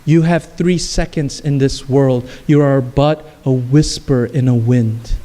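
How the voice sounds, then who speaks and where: A man's voice: mid-range voice, fairly even intonation, slow, mellow, long reverb tail. A male pastor preaching a sermon, telling a playful story and acting out the lines of the people in it. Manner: storytelling, acting out scenes with voices and screams.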